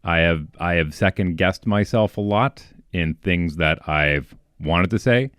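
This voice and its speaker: A man co-hosting a podcast, in a relaxed, reflective casual chat with frequent restarts. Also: low-pitched, measured pace, clean tone, no room sound, studio quality. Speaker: podcast co-host.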